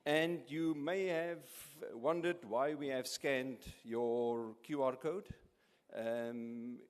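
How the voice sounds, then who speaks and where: A man's voice: medium pitch, fairly even intonation. A man running a charity auction at an awards evening, cracking jokes and often stopping to restart his words. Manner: jokey, halting with many restarts and repeats. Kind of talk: live event MC, joking auction patter. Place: large event hall. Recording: echoey hall.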